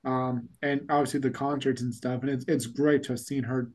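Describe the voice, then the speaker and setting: A man's voice: mid-range voice, level tone, a little fast, a little mellow. A man hosting a podcast in casual chat, telling stories in a rambling way with lots of fillers. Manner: rambling storyteller, many fillers like "like". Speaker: podcast host.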